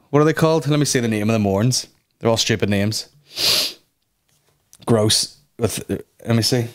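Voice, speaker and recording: A young man, hosting a comedy podcast as a sweary, rambling storyteller who jumps into high mock voices. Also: moderate pace, long pauses. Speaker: podcast host. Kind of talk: casual comedic monologue.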